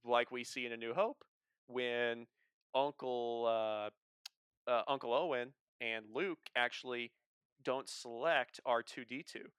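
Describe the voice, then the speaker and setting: A man's voice: medium pitch, fairly even intonation, slow pace, fairly bright tone, clean tone, dry recording. A man from the United States in a casual, enthusiastic fan discussion, rambling through details.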